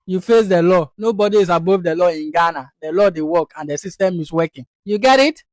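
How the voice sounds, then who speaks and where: A chatty commentator talks over a clip in a relaxed, conversational way, mixing West African Pidgin into English. The voice sits at a middle pitch. The recording is dry and close, with no room sound. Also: brisk, dry recording. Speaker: video commentator. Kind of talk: reaction commentary.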